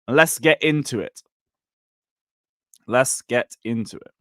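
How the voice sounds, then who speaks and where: A man's voice: mid-range voice, a little slow, bright, forceful tone, dry recording, clean studio sound. A man hosting a football livestream, chatting casually and reading out viewer messages. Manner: chatty, reads out chat messages. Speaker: livestream host.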